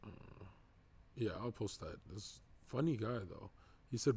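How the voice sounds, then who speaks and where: A man streaming live, reacting to clips with excitable, profane, joking rants. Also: on the low side, moderate pace, breathy edge.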